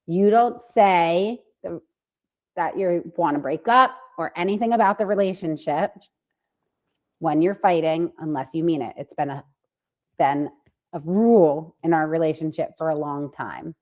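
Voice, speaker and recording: A woman co-hosting a podcast and telling a story in a casual, animated way, swearing freely. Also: deep voice, measured pace, lo-fi sound. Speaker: podcast co-host.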